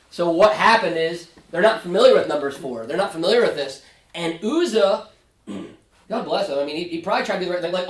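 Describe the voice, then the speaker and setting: Animated pastor teaching in an echoey room. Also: male voice, sits high. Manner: animated, acts out biblical characters in quick asides. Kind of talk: Sunday school Bible study teaching. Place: church classroom. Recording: echoey room, mic at a distance.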